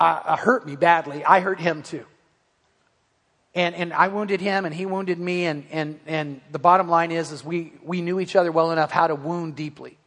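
A man preaching a sermon as pastor, earnest, stumbling over repeated words and dropping soft when he tells a story. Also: high-pitched. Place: church sanctuary. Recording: long hall reverb.

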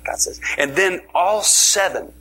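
A man's voice: high voice, lively intonation, measured pace, pushed and bright, husky. A man preaching a sermon, telling the story with jokes and dropping into whispers for emphasis. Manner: playful, joking storytelling, with sudden whispers.

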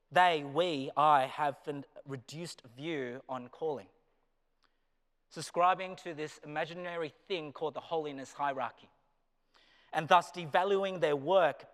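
Animated Australian man preaching in a hall. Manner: animated, swings from loud emphasis to low, quiet asides. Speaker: pastor and business teacher. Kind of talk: sermon. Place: chapel hall. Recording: reverberant chapel hall.

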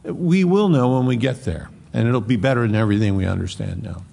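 A man preaching a sermon in a conversational, rambling way, with dramatic drops into soft, low tones. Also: a little fast, gravelly.

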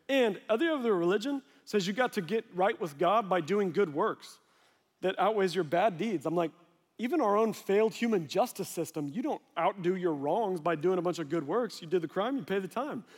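High-voiced pastor in a reverberant hall. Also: male voice, animated, moderate pace. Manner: storytelling, conversational, acts out dialogue. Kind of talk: sermon.

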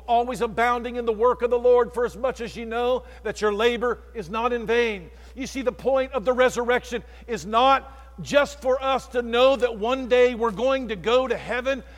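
A male preacher delivering an impassioned sermon that swings from hushed tones to shouted lines. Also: very high-pitched. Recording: long reverb in a large hall.

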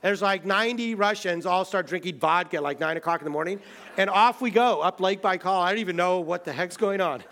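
His voice high and brisk, an American man casually recounts his own travels, peppering the story with fillers. Excited outbursts give way to quiet, hushed moments and back again.

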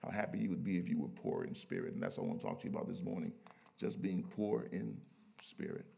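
A man preaching a sermon, who moves from low, quiet stretches to loud, emphatic peaks. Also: huge pitch swings, fast, vocal fry.

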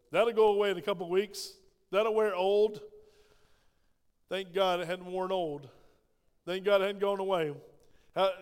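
Older pastor preaching hard, high-pitched voice bouncing around a big church hall. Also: male voice. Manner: emphatic preaching with call-and-response questions. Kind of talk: sermon. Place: church sanctuary. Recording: echoey church hall reverb.

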